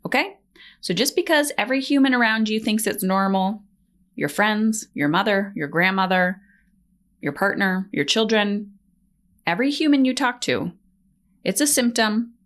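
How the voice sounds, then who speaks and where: A woman's voice: mid-range voice, expressive, a little slow, a bit bright. A middle-aged woman hosting her own podcast as a coach, talking bluntly with lots of emphatic repetition and casual swearing. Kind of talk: motivational solo podcast talk.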